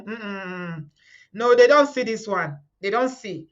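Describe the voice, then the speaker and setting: A middle-aged woman with a Nigerian accent speaks fervently to her live-stream audience, voice pitched a little high. She often repeats words and quotes others as she talks. The audio is slightly muffled. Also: lively intonation, a little slow, a bit bright. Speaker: host of a live community stream. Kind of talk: emotional live-stream talk to viewers.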